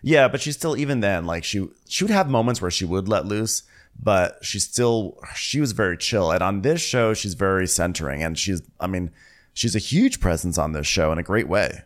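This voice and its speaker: A man's voice: sits low, animated, normal speed. A man co-hosting a podcast, recapping in a rambling, casual way with lots of filler words. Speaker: podcast co-host.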